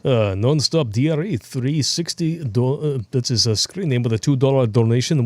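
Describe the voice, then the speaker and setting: A man hosts a casual live show, reading donation messages aloud with wry asides. His voice sits at a middle pitch and sounds close and dry. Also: normal speed, few pauses, darkish tone, no echo.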